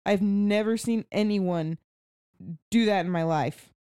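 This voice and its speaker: A woman in her thirties chats casually with friends. Her voice is smooth and clear, and the sound is close and dry. She tells stories with animation. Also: takes it slowly, no echo. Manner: animated storyteller, jumps to a high shriek when quoting her son. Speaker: podcast co-host. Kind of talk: casual chat. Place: small cabin room.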